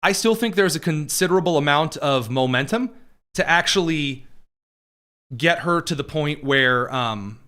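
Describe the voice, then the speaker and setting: A man's voice: on the high side, expressive, measured pace, bright, forceful tone, smooth. A man hosting a political show, chatting casually and bluntly with viewers, digressive with frequent restarts. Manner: blunt and opinionated. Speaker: political commentary show host answering viewer questions. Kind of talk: casual livestream chat.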